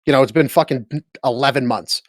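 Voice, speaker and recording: A man's voice: medium pitch, brisk, no room sound, studio quality. A man co-hosting a podcast in casual chat, laid-back and profane, sometimes searching for words. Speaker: podcast co-host.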